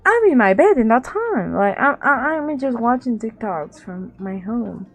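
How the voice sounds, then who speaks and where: A woman's voice: fairly high pitch, sing-song, a little slow, soft background music. A young woman with a Latin American accent, telling a rambling storytime in casual chat, repeating herself and acting out the people she quotes. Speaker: vlogger.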